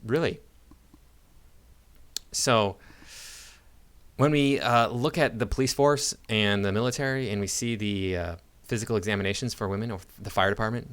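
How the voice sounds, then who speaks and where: A man's voice: on the low side, smooth. Sarcastic American man reacting to video. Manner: sarcastic and argumentative, halting restarts. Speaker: online commentator.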